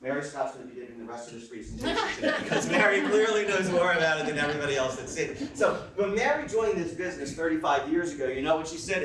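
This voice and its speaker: A man giving an energetic seminar talk to a live audience, firing questions at the room in a quick, punchy way. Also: a little high. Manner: fast, punchy, asks the crowd questions. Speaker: presenter. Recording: echoey room recorded from a distance.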